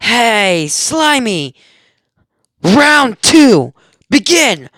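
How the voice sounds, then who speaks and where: A young man voicing an eager teenage boy hero, yelling out a challenge in a raised, strained voice. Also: very high voice, big pitch swings, extremely slow, no room sound, clean studio sound, voice pushed up, exaggerated voice. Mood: fired up.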